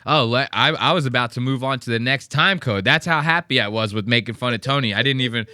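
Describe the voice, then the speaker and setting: A man's voice: medium pitch, fast, pushed and bright, no echo, clean studio sound. A man hosting a podcast, joking and rambling profanely while reacting to comedy clips. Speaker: podcast host. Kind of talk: casual reaction commentary.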